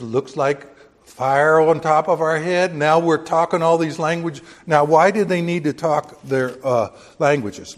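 A man preaching a sermon in a folksy, joking way, with sudden bursts of emphasis. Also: on the high side. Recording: long hall reverb.

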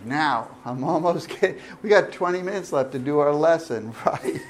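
A middle-aged man teaching a Bible study as pastor, pausing to ask the listeners questions. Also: fairly high pitch, slight background noise. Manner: asks the audience questions, animated.

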